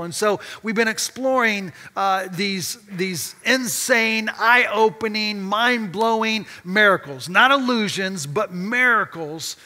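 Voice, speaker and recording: A man, a pastor, preaching a sermon and telling a story with lively restarts and repeated words. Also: high-pitched, in a large hall. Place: church sanctuary.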